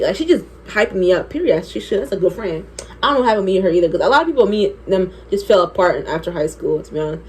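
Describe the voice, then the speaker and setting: A young woman vlogger telling an animated, profane story while doing her makeup. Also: mid-range voice, a little hiss or hum. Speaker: beauty vlogger.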